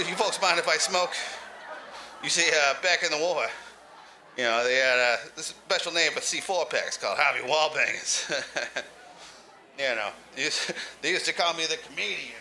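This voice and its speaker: A man's voice: on the high side, bright, forceful tone, a little hiss or hum, rough recording. A man telling a crude, rambling comic story as an old lounge comedian, laughing through his own jokes. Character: lounge comedian claiming eighty-five years.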